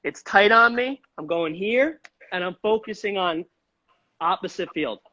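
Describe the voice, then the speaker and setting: A man's voice: high voice, lively intonation, measured pace, sharp tone, highs cut off. A man with a New York accent, a guest baseball coach explaining hitting with emphatic enthusiasm. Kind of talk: casual coaching chat.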